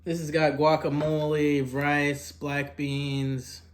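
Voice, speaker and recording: Rambling young man with a fairly high voice. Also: little pitch movement, slow pace, slight background noise. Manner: rambling, filler-heavy, drifting softer and louder; eats while talking. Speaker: food vlogger. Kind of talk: casual eating vlog.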